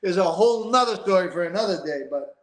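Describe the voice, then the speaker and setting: A man's voice: high-pitched, lively intonation, fast talker, crowd noise. Emphatic older man, roomy sound. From East Boston. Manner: emphatic, rambling, street-talking, profane. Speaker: guest. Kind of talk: casual interview storytelling.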